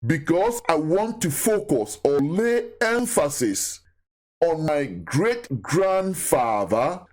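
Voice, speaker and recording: A man with a fairly high voice gives a Bible lesson at a slow, careful pace. His pitch rises and falls freely as he stresses words, repeats key phrases and asks his listeners questions. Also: a little mellow. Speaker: Bible teacher. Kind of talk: recorded Bible teaching.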